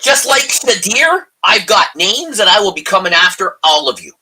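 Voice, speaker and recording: A man talking on a casual live stream, his voice sharp and somewhat husky. He rants with heat and swears freely, building up as he argues his point. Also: high voice, lively intonation, a little fast. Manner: heated, swearing rants about football. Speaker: co-host. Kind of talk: casual chat. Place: live stream video call.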